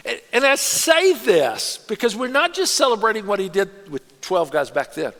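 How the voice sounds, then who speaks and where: A man preaching a sermon in a church in a lively, conversational way, now and then putting on voices. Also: high-pitched. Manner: animated, conversational preaching with quick put-on voices. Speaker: pastor. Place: church auditorium. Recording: long reverb of a large church hall.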